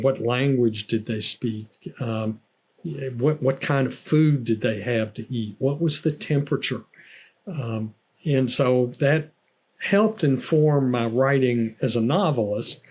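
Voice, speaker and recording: A man's voice: mid-range voice, darkish tone, breathy edge. An older man with a Southern American accent, an author guest telling stories in a casual interview and laughing often. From United States. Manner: chatty storyteller, laughs often.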